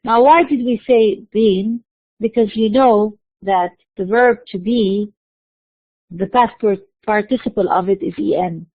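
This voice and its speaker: A woman giving a recorded university lecture, explaining slowly and mixing in terms. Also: mid-range voice, no room sound. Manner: explains slowly, spelling out letters, slipping into Arabic terms. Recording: dry tinny phone-like recording.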